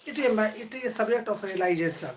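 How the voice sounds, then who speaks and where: A man teaching a live-streamed grammar lesson, lecturing earnestly and deliberately, drawing out key words between long pauses. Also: sits high, slight background noise, low-quality recording. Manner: earnest, motivational.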